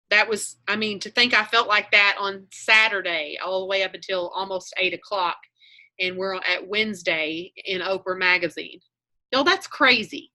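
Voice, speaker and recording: Chatty bright-voiced woman on a video call. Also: medium pitch, normal speed. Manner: chatty, meandering, self-correcting. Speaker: online group leader. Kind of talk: casual chat on a video call.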